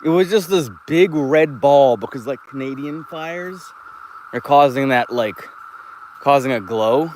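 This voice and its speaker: A man's voice: mid-range voice, measured pace, a little mellow, a little hiss or hum. Rambling man streaming on a walk. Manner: rambling, laid-back, swears freely. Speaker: live streamer. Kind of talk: casual rambling live stream. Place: outdoors, walking through a park and woods.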